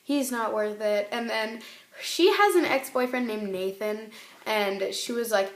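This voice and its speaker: A teenage girl cries through a personal vlog about a breakup, rambling emotionally as her voice rises and breaks. Her voice is a little high and a little slow, recorded in an echoey room.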